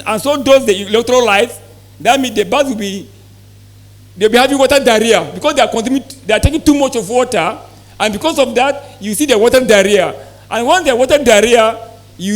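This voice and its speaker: High-voiced man lecturing farmers. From Nigeria. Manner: asks the audience questions, repeats points. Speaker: sales manager giving a farm talk. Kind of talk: live seminar presentation.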